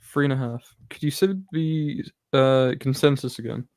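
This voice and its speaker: A man's voice: mid-range voice, steady tone, normal speed, a little mellow, no echo, studio quality. A man co-hosting a casual film podcast, thinking aloud hesitantly as he guesses films. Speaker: podcast co-host. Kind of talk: casual chat.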